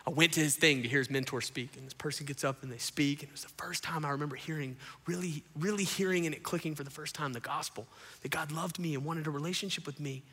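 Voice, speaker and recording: A young man, a pastor telling his story in an animated sermon to a congregation, acting out the quotes. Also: on the high side. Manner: animated, acts out quotes, addresses crowd as y'all. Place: church auditorium before a congregation. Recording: long hall reverb.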